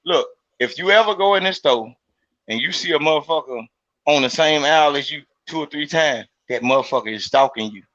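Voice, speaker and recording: A man from Mississippi talks loosely and profanely, circling back to repeat his points. His voice is forceful and bright, pitched a little high. The recording sounds muffled and lo-fi. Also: brisk. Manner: profane, emphatic, repeats himself to drive a point home. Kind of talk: casual chat.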